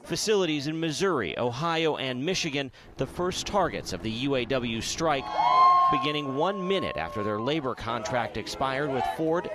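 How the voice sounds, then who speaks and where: A man narrating a televised news report in a steady, measured delivery. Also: medium pitch.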